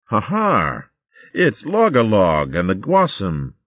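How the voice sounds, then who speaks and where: A fierce female otter warrior with a blunt, rough way of speaking, as a male narrator puts her on. Her pitch is pushed up well above the reader's low voice. It comes through a narrow, phone-like band with no room echo. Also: big pitch swings, normal speed. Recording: phone-like dry audio.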